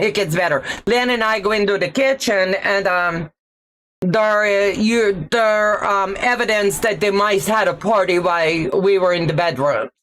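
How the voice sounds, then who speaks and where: This middle-aged woman runs a casual livestream, chatting her way through a story, laughing a lot and greeting viewers by name. Her voice sits at medium pitch with a touch of brightness.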